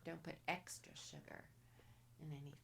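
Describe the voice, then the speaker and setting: A woman guest on a casual podcast, soft-spoken and nearly whispering at times, giving blunt advice in short commands. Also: low voice, fairly even intonation, normal speed, vocal fry, a little hiss or hum. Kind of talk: casual interview.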